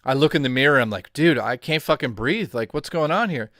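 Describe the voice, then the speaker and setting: Dude on a podcast, swears a ton, lively storytelling, mid pitch, dry close mic. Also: male voice, a little fast, no room sound. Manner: animated storyteller, swears a lot. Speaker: podcast co-host. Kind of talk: casual chat.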